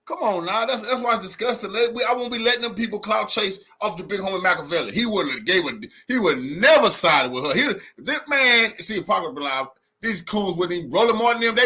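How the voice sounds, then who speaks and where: Fired-up husky man ranting. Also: sits high, sharp tone. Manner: blunt, profane, repetitive, outraged. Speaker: commentator reacting to clips. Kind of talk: heated reaction commentary.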